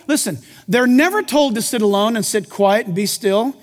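A male pastor preaching a sermon, swinging from booming emphasis to hushed, intimate asides. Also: normal speed, few pauses, in a large hall.

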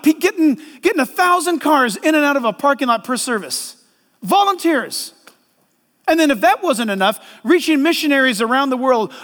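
A middle-aged man preaching a sermon as pastor, animated and joking, acting out little voices. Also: very high-pitched. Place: large church hall. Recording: long hall reverb.

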